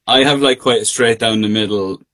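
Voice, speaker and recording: A man with an Irish accent chats over a remote call as a guest singer. His voice sits on the low side, and he talks in a loose, relaxed way full of fillers and quick laughs. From Ireland. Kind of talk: casual interview chat.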